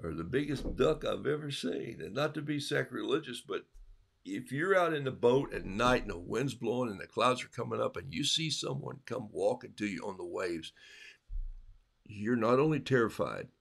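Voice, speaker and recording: A man telling a Bible story casually, in an animated way, acting out the quotes in different voices. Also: fairly low pitch, creaky, breathy edge.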